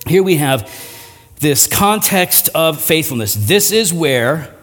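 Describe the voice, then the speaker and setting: A high-voiced man preaching a sermon, his pitch swooping widely as he acts out quick voices with a self-deprecating humor. His words ring out with a long reverb, as if spoken in a large hall. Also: animated, a bit bright. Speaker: pastor.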